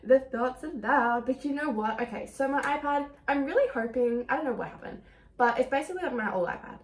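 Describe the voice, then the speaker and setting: A woman's voice: high voice, animated, fast talker. A young woman talking in a casual confessional vlog, rambling and emotional, mocking herself and breaking into laughs, standing a little away from the camera. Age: young adult. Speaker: vlogger. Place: indoor room. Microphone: camera some distance away. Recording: echoey room, camera away.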